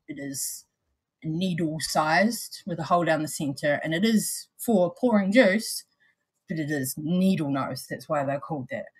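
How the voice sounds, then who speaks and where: A woman's voice: on the low side, slightly rough. A woman with a New Zealand accent, co-hosting a casual chat and explaining things at length with lots of restarts. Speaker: vape show co-host.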